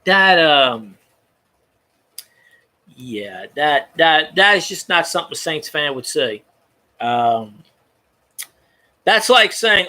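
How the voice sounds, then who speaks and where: Lively high-voiced man ranting about sports. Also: takes it slowly, pauses often. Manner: animated, profane, stumbling restarts. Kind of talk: casual ranting sports chat.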